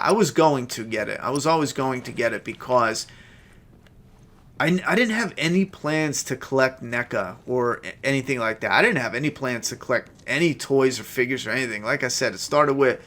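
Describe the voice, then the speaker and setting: A man's voice: mid-range voice, lively intonation, normal speed, a bit bright. A man with a stuffed-up nose giving chatty, profane, laid-back commentary while playing a game. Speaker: gameplay streamer. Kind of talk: casual gameplay commentary.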